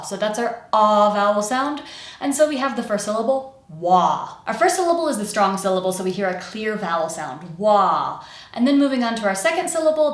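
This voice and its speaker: An American woman coaching pronunciation, sounding out words slowly and clearly. Her voice sits in a middle range and rings with a noticeable room echo. Her delivery is steady and instructive. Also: mid-range voice. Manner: clear and demonstrative, stretching and exaggerating sounds. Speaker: accent coach. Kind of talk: pronunciation lesson.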